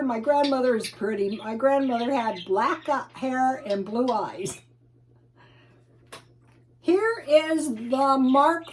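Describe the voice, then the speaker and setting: A middle-aged to older woman chatting casually to her viewers while showing old family photos, rambling and laughing often. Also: high voice. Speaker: vlogger.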